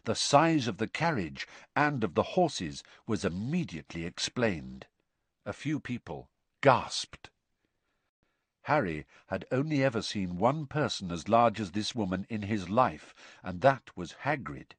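Man, storybook narration, expressive, lively pitch, suspense-building, dry close studio mic. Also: a little slow, husky, no room sound. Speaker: audiobook reader.

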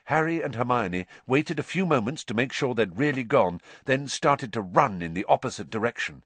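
Expressive male audiobook narrator. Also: mid-range voice, moderate pace, husky, dry recording. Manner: expressive, varied reading. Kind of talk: scripted storybook narration.

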